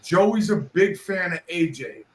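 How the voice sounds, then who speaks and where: A middle-aged man on a podcast, telling stories about his son in a loud, profane, interrupting way. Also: sits high, lively intonation, measured pace, echoey room, rough recording. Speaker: podcast co-host, father. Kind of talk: casual podcast banter.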